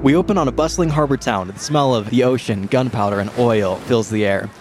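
A man's voice: medium pitch, a little fast, music in the background. A young man narrating a tabletop role-playing game as dungeon master, setting scenes vividly and laughing often.

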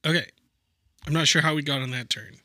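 A man with a bright, fairly high-pitched voice chatting casually on a podcast. He rambles, jokes and trips over his own sentences. The sound is dry and close. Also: steady tone, fairly quick, no room sound. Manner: rambling, self-interrupting, joking. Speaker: podcast co-host. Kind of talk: casual chat.

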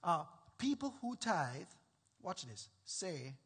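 High, bright-voiced preaching man in a hall. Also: moderate pace, slightly rough. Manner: animated, emphatic preaching with rising bursts. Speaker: pastor. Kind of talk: sermon. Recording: echoey hall with long reverb.

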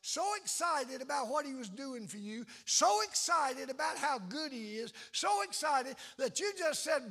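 A man preaching a sermon, shouting and chanting phrases in a slow, drawn-out, impassioned way. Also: very high-pitched, expressive. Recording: echoey hall.

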